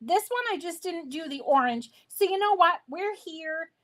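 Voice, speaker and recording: A woman's voice: extremely high pitch, expressive, moderate pace, a bit bright. A woman hosting a live crafting stream, chatting with viewers in a bubbly, enthusiastic way while she works. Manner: talks to viewers while working. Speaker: craft livestream host. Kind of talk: live crafting demo chat.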